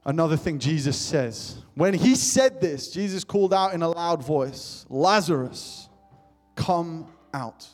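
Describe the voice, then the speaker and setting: A man's voice: fairly high pitch, expressive, moderate pace, hardly any pauses, a little mellow. Impassioned young male preacher in a reverberant hall. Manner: impassioned, repetitive calls to the congregation. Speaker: pastor. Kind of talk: sermon. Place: church hall. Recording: long hall reverb with faint music.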